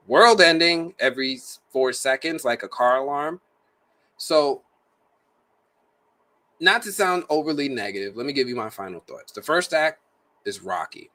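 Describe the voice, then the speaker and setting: A man reviewing a movie in a casual, jokey, slang-filled way. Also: medium pitch. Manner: animated, slangy, jokey delivery.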